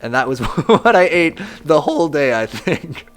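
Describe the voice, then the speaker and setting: This young game streamer has a fairly high, very animated voice at normal speed, with slight background noise. He chats casually with viewers, reads their messages aloud, and laughs often at his own expense.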